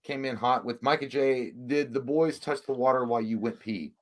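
A man's voice: medium pitch, normal speed. A man hosting a casual livestream, rambling and swearing, easily frustrated. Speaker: livestream host.

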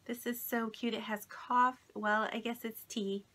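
Her delivery is flat and measured, her voice a little high and a bit bright. A crafter from Indiana, United States, she vlogs a casual unboxing with sentimental gushing and plenty of happy exclamations, seeming a little unwell and unsteady.

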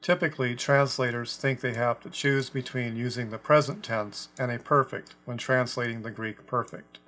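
A man teaching a scripture lesson about a translation, speaking deliberately and stressing quoted words. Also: mid-range voice, fairly even intonation, bright, forceful tone. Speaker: Bible teacher.

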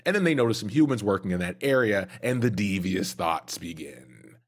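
A man with a low, husky voice co-hosting a casual lore podcast. He recaps the story in an easygoing, agreeable way. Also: animated, moderate pace. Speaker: podcast co-host.

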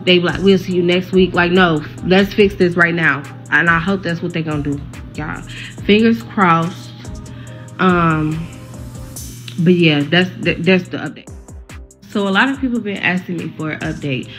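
A woman's voice: lowish voice, fairly bright tone. A woman, talking bluntly and heatedly straight to her viewers in a casual vlog update, swearing freely. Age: 20s. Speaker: social media creator caring for a neighbor's child.

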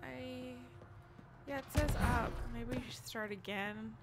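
A woman's voice: on the high side, slow pace, over loud music. A woman gamer giving casual commentary while she plays, often frustrated, swearing and mocking herself.

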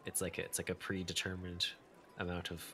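Very deep male player, dry, halting, slight background hiss. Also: monotone, bright, forceful tone. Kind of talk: tabletop role-play.

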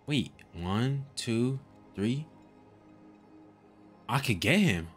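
A young man live-streaming a game, chatting casually, swearing and laughing often in an excitable way. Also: medium pitch, drawn-out words, faint music behind.

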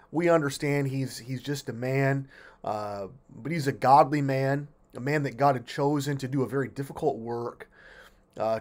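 A man leading a weekday family devotion as pastor, earnest and emphatic, often restarting his phrases as he explains a bible passage. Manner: earnest, emphatic, rises in pitch and volume when reading scripture; frequent restarts and fillers.

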